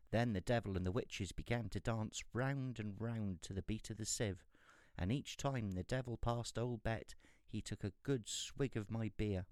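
A man narrating a fairy tale in a calm, steady storytelling manner. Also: fairly low pitch, measured pace, no room sound, studio quality.

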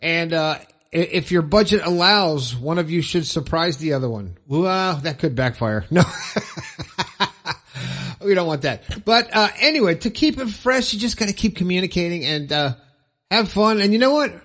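A man's voice: high voice, expressive, moderate pace, a bit bright. Upbeat rambling podcast host, man. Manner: upbeat, rambling, chuckles at own jokes. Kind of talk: casual podcast chat with ad reads.

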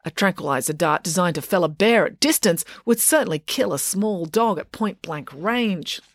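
A woman's voice: fairly low pitch, animated, moderate pace, no room sound, studio quality. Playful woman reading a children's story. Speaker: narrator. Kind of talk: audiobook narration.

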